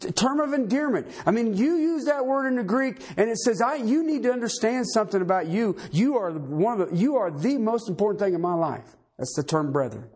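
A man preaching a sermon as pastor, emphatic, swinging between loud and low. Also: animated, brisk, hardly any pauses, husky.

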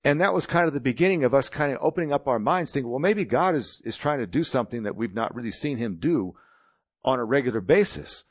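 Older guy preaching, chatty storytelling sermon, average pitch, dry close sound. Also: expressive, fast talker, breathy edge, no room sound. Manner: conversational, storytelling, plain-spoken. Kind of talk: sermon with personal testimony.

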